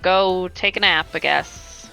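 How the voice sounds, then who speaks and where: A woman streaming a game from a home desk mic, talking casually between lines of game dialogue. Her voice is bright and forward, playful and chatty, and breaks into quick excited bursts. Soft music plays underneath. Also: on the low side, gravelly, clear, resonant tone. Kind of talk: casual gameplay commentary, reading game dialogue aloud.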